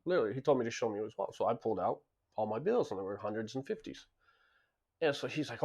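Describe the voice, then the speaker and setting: A man's voice: mid-range voice, big pitch swings, very fast, creaky, darkish tone, slightly rough. A man who owns a club tells stories in a casual monologue, blunt and emphatic, often repeating words as he restarts sentences. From lives in Japan. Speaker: club and bar owner.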